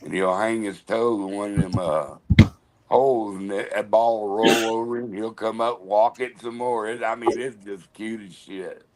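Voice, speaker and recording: A man with a fairly low voice, chatting casually as a co-host. He tells loose, rambling stories and swears freely as he goes. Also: fairly even intonation, moderate pace, a little mellow. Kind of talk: casual chat.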